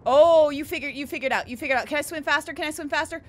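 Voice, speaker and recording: A young woman giving casual let's play commentary, excitable, chatting to the animals and swearing, with sudden loud outbursts. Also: high voice, quick pace, slight background noise. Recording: game music playing behind the voice.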